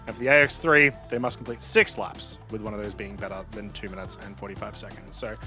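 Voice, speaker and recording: Male esports co-commentator, bright, punchy tone, relaxed and explanatory, soft music behind. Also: fairly low pitch, quick pace. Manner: explanatory, relaxed, laughs easily. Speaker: race co-commentator.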